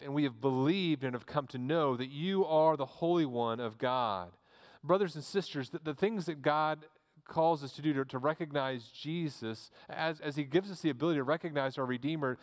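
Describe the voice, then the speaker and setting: Man, pastor, earnest sermon, mid-pitched voice, repeats words, long church reverb.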